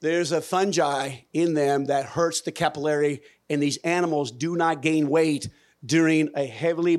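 A man giving a folksy, emphatic talk on a conference stage, putting questions to the audience. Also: a little high. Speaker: conference speaker on regenerative farming. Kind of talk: lively stage presentation.

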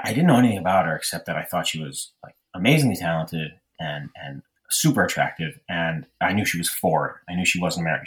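Deep-voiced man rambling through a story. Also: fairly bright tone. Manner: rambling, self-deprecating, frequent fillers and restarts. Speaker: podcast storyteller. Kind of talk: casual storytelling chat.

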